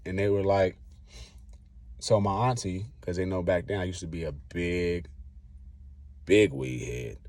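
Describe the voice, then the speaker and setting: Low-voiced man rambling through a story. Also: measured pace, long pauses, dry recording. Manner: rambling, acts out his own past lines; relaxed slangy talk. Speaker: vlogger. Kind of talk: casual personal storytelling.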